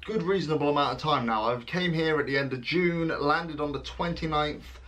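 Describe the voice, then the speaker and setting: A man's voice: a little high, fairly bright tone. A young British man in his twenties, talking through an online quiz in a playful, self-mocking vlog. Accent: British English. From England. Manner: playful and self-mocking, with jokey dramatic pauses. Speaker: vlogger. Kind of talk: casual vlog, reading quiz questions aloud.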